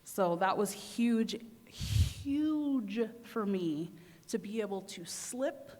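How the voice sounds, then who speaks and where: Animated woman telling a story in a hall. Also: mid-range voice, very slow. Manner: animated storyteller acting out her own inner voice. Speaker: conference speaker. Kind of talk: personal story told to an audience. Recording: long hall reverb.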